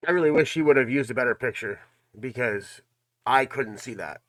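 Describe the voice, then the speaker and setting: Emphatic male reaction host with a bright voice, speaking to his viewers. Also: medium pitch, brisk. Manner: emphatic, asks the audience questions. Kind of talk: casual commentary.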